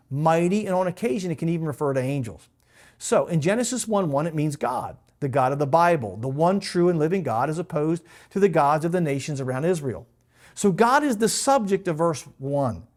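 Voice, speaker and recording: A middle-aged man, a pastor, teaching a Bible lesson in a steady explanatory way, repeating key points. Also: a little high.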